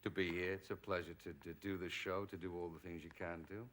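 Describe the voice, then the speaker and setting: Bright-voiced middle-aged English actor. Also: male voice, deep voice, fast talker, slight background noise. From England. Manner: lively storyteller, acts out quoted voices. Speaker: actor, talk show guest. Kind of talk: anecdotal chat.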